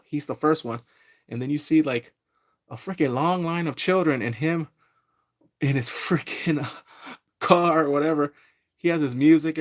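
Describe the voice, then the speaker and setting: Man, live-stream reviewer, rambling and chatty, very animated pitch. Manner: chatty, rambling, greets viewers often, laughs a lot; slips into quick exaggerated character voices. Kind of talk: casual live-stream show recap.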